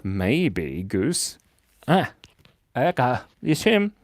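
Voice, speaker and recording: A playful man hosts a kids' drawing livestream, reading out chat messages in a casual way. His pitch swoops up and down all the time, from loud excited bursts to quiet mumbles. The sound is close and dry, with almost no room echo. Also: very slow. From Australia. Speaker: livestream drawing host for kids. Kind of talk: casual live-stream chat reading comments. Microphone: mic set in a beard.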